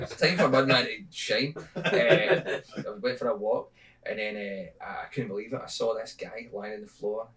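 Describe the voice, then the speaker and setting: Rambling Scottish comedian, slightly off-mic. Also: male voice, fairly low pitch, fairly bright tone, distant mic, low-quality recording. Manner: rambling storyteller, swears freely, bursts into laughter. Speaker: comedian guest. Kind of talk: casual podcast chat.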